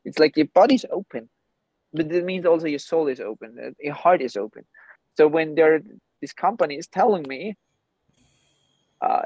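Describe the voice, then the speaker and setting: A man's voice: a little high, animated, normal speed, long pauses, a little mellow, breathy edge, dry recording, muffled recording. A man whose first language is German, a podcast guest, who talks emphatically and bluntly and swears often. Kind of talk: candid podcast conversation.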